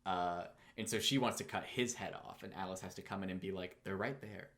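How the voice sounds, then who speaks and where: Low-voiced guy rambling happily on a podcast, casual chat. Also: brisk, fairly bright tone. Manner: enthusiastic, rambling. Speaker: podcast co-host.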